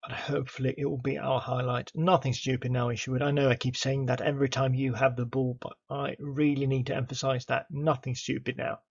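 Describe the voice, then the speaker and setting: A man commentating his own football management game, excitable and chatty, cheering on his players and talking to them. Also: medium pitch, fairly quick, hardly any pauses, husky, dull audio. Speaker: gaming YouTuber.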